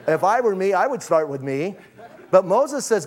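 A middle-aged man preaching a conversational sermon, animated and acting out quoted voices as he teaches from scripture. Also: sits high, moderate pace. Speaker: pastor.

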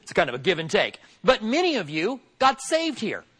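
A man's voice: sits high, wildly swooping pitch, moderate pace, fairly bright tone, breathy edge. A man preaching as a pastor, talking in a loose conversational way with fillers. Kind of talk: sermon.

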